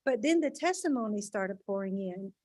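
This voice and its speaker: A woman's voice: mid-range voice, expressive, normal speed, darkish tone. A woman in a mid-range voice speaks earnestly before an audience, sharing a faith-filled testimonial. Her delivery is sincere and conversational. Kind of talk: testimonial speech.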